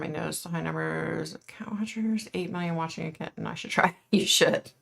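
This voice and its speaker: This middle-aged woman is a psychic medium running a casual live stream, talking frankly with viewers and sprinkling in plenty of "like" and "you know". Her voice is deep and a little bright, with some vocal fry.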